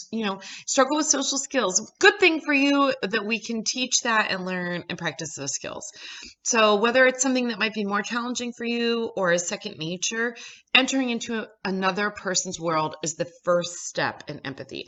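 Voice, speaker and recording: A woman's voice: lowish voice, bright, forceful tone, highs cut off. A woman psychologist in her thirties, chatty and upbeat, explaining ideas step by step to her viewers. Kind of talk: casual educational talk to camera.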